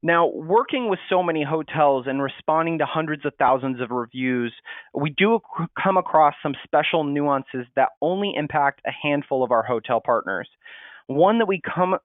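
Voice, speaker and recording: Man, marketing presenter, webinar talk, steady and explanatory, dry and tinny. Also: a little high, no room sound. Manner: steady, explanatory, reads sample replies aloud. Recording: tinny phone-like audio, dry.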